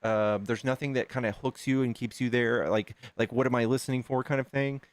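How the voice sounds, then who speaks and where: A man's voice: medium pitch, fairly even intonation, brisk, dry recording. A man hosting a casual debate stream, talking loosely with many fillers and restarts. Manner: casual, hesitant, lots of fillers. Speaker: stream host.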